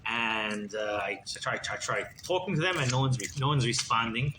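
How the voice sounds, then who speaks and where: A man's voice: mid-range voice, normal speed, pitched below the performer's own voice, natural voice. A man voicing a poor Jewish man who stands trial and pleads his case, stubborn and defiant. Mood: pleading. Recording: noisy recording.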